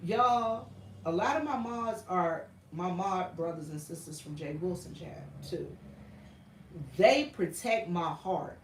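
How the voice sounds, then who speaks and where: A woman with a Southern US accent hosts a casual YouTube livestream chat from her home workshop, where a printer is running, speaking earnestly and repetitively and calling her viewers y'all. Her medium-pitched voice is far from the mic in an echoey room, with slight background noise and poor audio.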